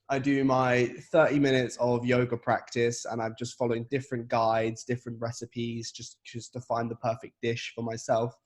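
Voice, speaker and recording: A man in his twenties, a podcast guest in casual conversation. He speaks reflectively and haltingly, often pausing on fillers. His voice sits at a middle pitch for a man. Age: 20s. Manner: reflective, halting, many fillers like "you know" and "um". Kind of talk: casual chat.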